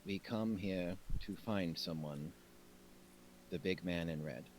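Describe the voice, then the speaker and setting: A man voicing an earnest female adventurer in a tabletop game who speaks slowly and carefully to tiny creatures. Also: sits low, a little hiss or hum.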